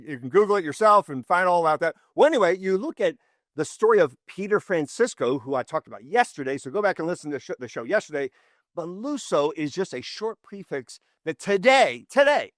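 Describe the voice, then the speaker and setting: A man hosting a casual history talk show, rambling, with frequent restarts and lively swings in emphasis. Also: no room sound, studio quality. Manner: rambling, restarts often, animated swings in pitch. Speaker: podcast host.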